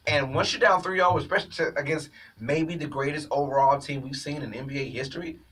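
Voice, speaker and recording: An opinionated man hosts a sports talk show, delivering an animated monologue to his viewers. His voice is bright and fairly high for a man. He sits a little away from the mic, so the sound is slightly distant. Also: quick pace, husky. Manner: animated, opinionated, addresses viewers as ladies and gentlemen. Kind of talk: casual sports commentary monologue.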